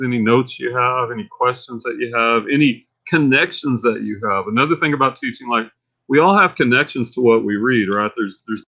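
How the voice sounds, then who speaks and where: Heard over dull audio, a mid-range Texan male voice hosts a casual livestream. He's a rambler who gets excitable and fired up as he goes on.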